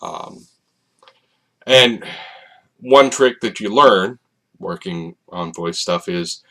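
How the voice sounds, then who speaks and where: A man's voice: sits low, very slow, fairly bright tone. A man hosting his own channel, talking to camera in a casual late-night ramble, hesitant and full of fillers and restarts. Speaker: video channel host. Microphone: facing a camera.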